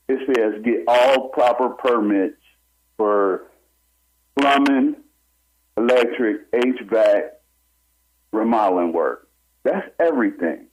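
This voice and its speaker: A man, a barber and homeowner, telling his own story to a talk show host with urgency and acting out what other people said. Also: mid-range voice. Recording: slightly muffled with faint noise.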